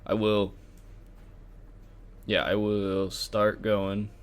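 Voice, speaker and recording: A man's voice: lowish voice, monotone, extremely slow, smooth. A man playing a tabletop game, easygoing and thinking aloud about his moves. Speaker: player. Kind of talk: casual tabletop play.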